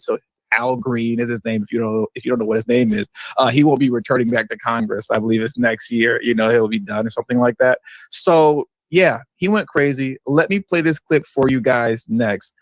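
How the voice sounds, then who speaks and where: A man's voice: medium pitch, no room sound. Dry-sounding sarcastic male stream host. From California. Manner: sarcastic and mocking, repeats phrases for effect, chuckles. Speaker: livestream news commentary host. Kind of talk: casual political commentary to a live stream audience.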